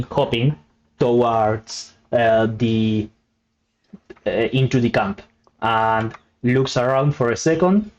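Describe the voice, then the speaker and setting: A man narrating a tabletop game as game master, halting with many fillers. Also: medium pitch. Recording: muffled lo-fi audio.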